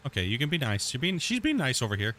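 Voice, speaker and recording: Laid-back man streaming, bright voice. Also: mid-range voice, wildly swooping pitch, fast, slight background noise. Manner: laid-back, chatty, says dude a lot, coos at his cat. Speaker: gaming streamer. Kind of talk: casual live-stream chat. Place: home gaming room. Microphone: desk mic at a gaming setup.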